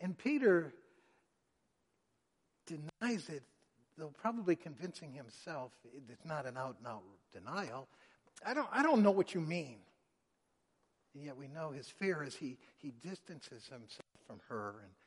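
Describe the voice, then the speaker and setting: A man preaching a sermon, dramatically acting out the quoted lines with big swings in loudness. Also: medium pitch, lively intonation, a little slow, slightly rough. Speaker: pastor. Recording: long hall reverb.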